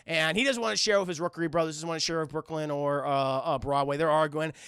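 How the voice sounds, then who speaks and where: A man streaming a casual cartoon recap, talking to his chat in an animated, profane way. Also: fairly high pitch, fast, clean tone, no room sound, studio quality.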